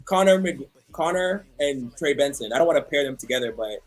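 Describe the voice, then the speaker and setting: A man's voice: fairly high pitch, expressive, a little fast. A man co-hosting a casual fantasy football podcast, talking hesitantly with many restarts and steering the discussion. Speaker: podcast co-host.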